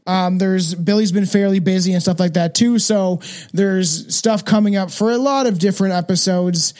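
A man's voice: high-pitched, normal speed, darkish tone. A man hosting a podcast, rambling casually with lots of fillers and swearing. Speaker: podcast host. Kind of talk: casual chat.

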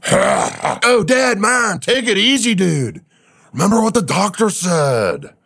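A man voicing a young, brash male thunder god who talks like a loud gym bro, full of dude and man. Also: high-pitched, big pitch swings, slow pace, gravelly, slightly rough, exaggerated voice. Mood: chummy.

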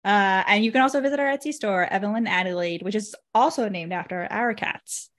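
A woman's voice: medium pitch, fairly quick, a bit bright. A young adult woman co-hosting a book podcast in a casual, chatty way, laughing often as she tells stories. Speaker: podcast co-host. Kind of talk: casual chat.

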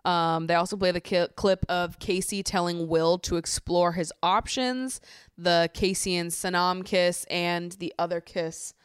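Woman podcast host, casual recap, lower register, clean voice, swears freely. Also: steady tone, unhurried, clean tone, dry recording, clean studio sound. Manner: chatty, swears freely, rises to exasperated high pitch when ranting. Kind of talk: casual reality-show recap.

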